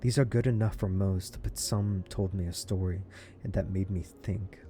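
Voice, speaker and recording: A man reading aloud the lines of a booming, wary but friendly male street-food cook in a game, with a low voice. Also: fairly even intonation, normal speed, warm tone, soft background music, close to an everyday voice.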